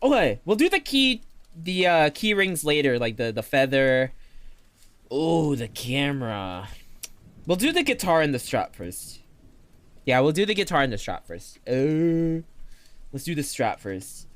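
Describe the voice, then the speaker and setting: A man streaming as a VTuber, chatting casually with viewers while he draws, playful and quick to laugh, often talking about himself in the third person. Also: fairly high pitch, very animated, no room sound. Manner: playful, laughs often, reads and answers chat. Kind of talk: casual livestream chat while drawing.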